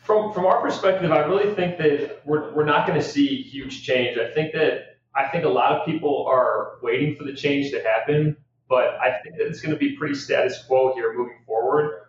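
Male guest with a measured, hedging delivery. Distant, heavily echoing audio with a dull tone. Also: on the high side, slight background noise. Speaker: real estate guest. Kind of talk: casual podcast interview. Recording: distant mic in a very echoey room, dull.

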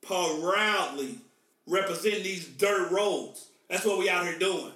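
Male podcast host from the Midwest, high and bright, animated and slangy, echoey distant room. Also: slow pace. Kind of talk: casual podcast chat. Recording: echoey room, mic far off.

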